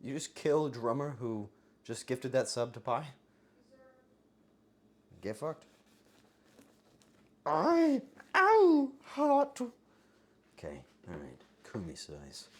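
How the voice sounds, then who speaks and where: Crude streamer voice going a bit hoarse, swoops all over, yells now and then at chat. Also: mid-range voice, animated, measured pace, long pauses. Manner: crude, joking, bursts into yelling. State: voice getting hoarse. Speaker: livestreamer. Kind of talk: casual livestream chat with viewers.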